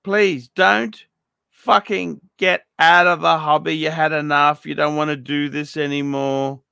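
A middle-aged man reviews a watch collection in a blunt, swearing rant. His voice sits high and gravelly, with a sharp, forceful edge. The sound is dry and close. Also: flat delivery, measured pace, no room sound. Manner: blunt, profane, ranting advice. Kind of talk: unscripted paid review monologue.

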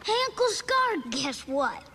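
A woman voicing an eager, boastful young male lion cub who talks in an excited, bragging way. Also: high voice, unhurried, a little hiss or hum, heavily acted.

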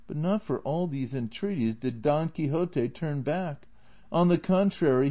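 A man narrating a classic novel as an audiobook in a steady, measured way. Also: on the high side.

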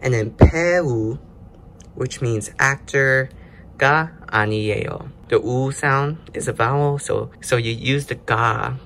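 A man's voice: medium pitch, moderate pace, gravelly, fairly bright tone, a little hiss or hum. A man hosting a casual self-study video, explaining grammar step by step in a loose, chatty way. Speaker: language learner host.

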